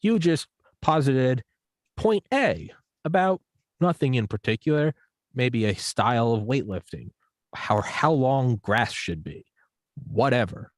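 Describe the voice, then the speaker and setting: A man's voice: mid-range voice, measured pace, no echo. A man talking as a guest on a podcast in a casual conversation. He rambles, swears freely and acts out little examples as he goes. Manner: profane, rambling, animated with acted-out examples.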